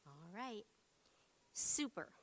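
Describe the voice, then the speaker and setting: A woman's voice: mid-range voice, expressive, takes it slowly, fairly bright tone. A woman teacher leading a phonics lesson, upbeat and encouraging, prompting in short words. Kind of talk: classroom phonics demonstration. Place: school meeting room.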